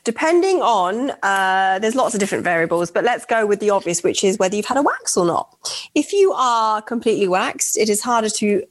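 A woman co-hosting a dating radio show, chatting casually with quick asides. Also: medium pitch, expressive. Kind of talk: casual chat.

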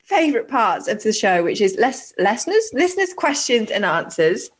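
A woman co-hosting a podcast in casual chat. She is excitable and gushing and swears freely. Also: fairly high pitch, moderate pace, slight background noise. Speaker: podcast co-host.

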